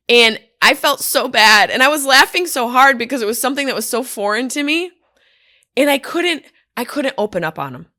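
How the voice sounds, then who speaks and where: A woman comedian telling casual stories on a podcast, animated, profane and self-deprecating, from a hotel room. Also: high-pitched, normal speed, no room sound, studio quality. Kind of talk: casual storytelling monologue.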